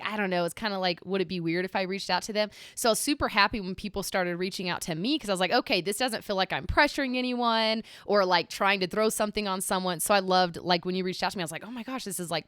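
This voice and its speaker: A woman's voice: mid-range voice, clear, resonant tone, dry recording, studio quality. A young woman hosting an interview podcast, chatty and encouraging, full of likes and ums. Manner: warm, chatty, many fillers. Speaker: podcast host.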